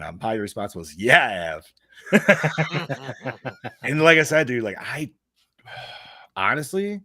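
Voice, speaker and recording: Male podcast co-host with an animated, swinging delivery; casual and profane. Dry, close sound. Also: lowish voice, no room sound. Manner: animated, swears freely, laughs often. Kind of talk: casual chat.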